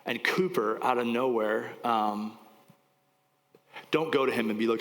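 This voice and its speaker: This forties-aged pastor rambles conversationally through his sermon, at moments overcome with emotion. He speaks at a moderate pace in a mid-range, slightly bright voice, recorded in a church hall with lengthy reverb.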